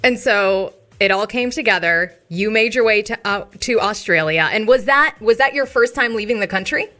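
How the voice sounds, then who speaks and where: A woman's voice: mid-range voice, animated, moderate pace, sharp tone, soft background music. A woman hosting a radio interview, asking questions in a bubbly way and laughing often. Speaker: radio host.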